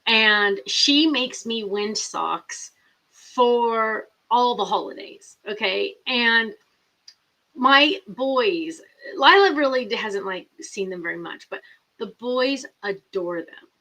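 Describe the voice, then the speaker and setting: Chatty middle-aged woman host, bright voice, rambling live-chat delivery. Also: on the high side, lively intonation, takes it slowly, rough recording. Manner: chatty, rambling, reads viewer comments aloud.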